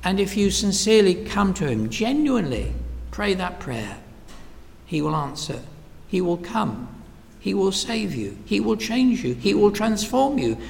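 High, gravelly preacher in a reverberant hall. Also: male voice, very animated. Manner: dramatic swings from hushed to loud, slow and emphatic. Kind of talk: sermon. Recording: long reverb of a large hall.

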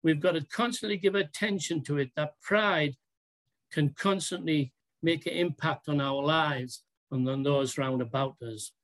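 A preacher delivering a sermon in a deliberate, emphatic way, asking rhetorical questions and drawing out key words. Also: medium pitch.

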